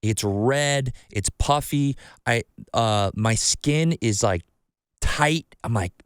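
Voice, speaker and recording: Man, podcast host, casual storytelling, swears a lot, mid-pitched voice, dry close sound. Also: takes it slowly, clean tone, no echo. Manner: swearing storyteller, acts out his own quotes.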